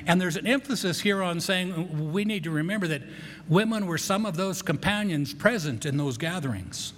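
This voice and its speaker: A man preaching in a church, his voice slightly high for a man and ringing in a long hall echo. He talks in a folksy, conversational way, circling back on his words with a light, joking touch. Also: fairly bright tone. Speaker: pastor. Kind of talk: sermon. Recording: echoey hall.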